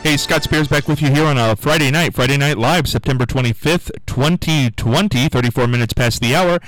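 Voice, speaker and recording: A man's voice: mid-range voice, a little fast, fairly bright tone, no room sound, soft background music, poor audio. A middle-aged man hosting a live radio show in a small studio, chatting casually and rambling from one thing to the next. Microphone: studio microphone.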